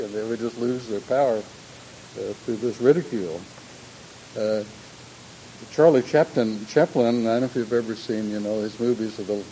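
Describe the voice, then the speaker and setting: Older man, mellow dark voice, reflective lecture talk, restarts and asides, faint hiss behind. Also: mid-range voice, rough recording. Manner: thoughtful, with frequent restarts and asides. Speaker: speaker on humor and religion.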